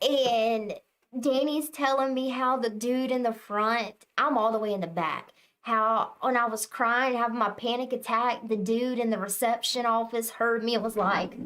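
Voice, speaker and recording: A young woman chatting casually with her viewers on a tarot reading livestream, telling stories in an animated way. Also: on the high side, normal speed. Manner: chatty, animated storytelling, talks to chat. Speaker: tarot reader livestream host.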